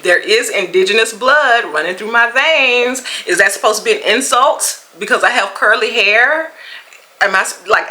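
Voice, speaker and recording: A woman from Mississippi with a Southern American accent, telling a storytime vlog in an animated way and acting out quotes. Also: a little high, normal speed, rough recording. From Mississippi, USA. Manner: animated storyteller, acts out quotes, laughs often. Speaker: vlogger.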